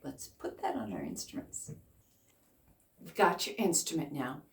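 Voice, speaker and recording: Low-voiced, unhurried woman ukulele teacher. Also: huge pitch swings. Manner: encouraging, counts and chants along slowly. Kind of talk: beginner music lesson. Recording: echoey room, faint noise.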